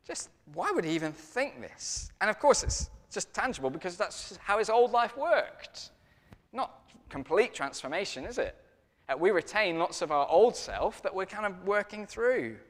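A man preaching a sermon in a lively, conversational storytelling way. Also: high-pitched, normal speed, in a large hall.

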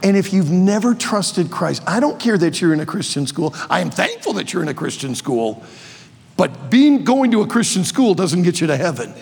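A man in his sixties preaching an energetic sermon to students in a large auditorium, joking playfully and bursting into shouts. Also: high voice, moderate pace, gravelly, slightly rough. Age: 60s. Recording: long reverb of a large hall.

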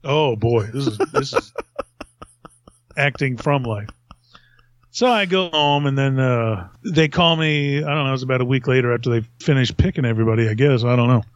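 A man's voice: mid-range voice, normal speed, no echo. Rambling middle-aged man telling stories. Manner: rambling, self-mocking, laughs at own stories. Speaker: podcast host. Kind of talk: casual storytelling.

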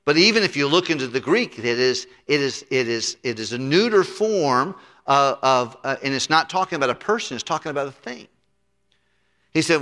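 Bright-voiced middle-aged pastor preaching. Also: male voice, medium pitch, expressive, brisk. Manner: earnest, repeats words. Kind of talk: expository sermon. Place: church sanctuary. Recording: long church hall reverb.

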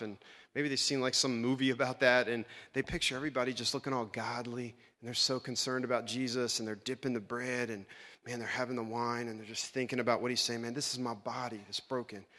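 A man preaching a lively sermon as pastor, acting out Bible characters in funny voices. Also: mid-range voice, in a large hall. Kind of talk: animated sermon.

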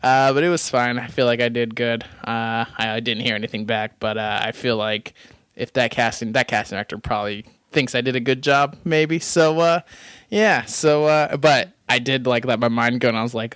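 Young dude rambling on a podcast, laughs a lot, dry close sound. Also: male voice, medium pitch, fairly even intonation, moderate pace, fairly bright tone, clear, resonant tone, no room sound. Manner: rambling, self-deprecating, laughs often. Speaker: podcast host. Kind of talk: casual chat.

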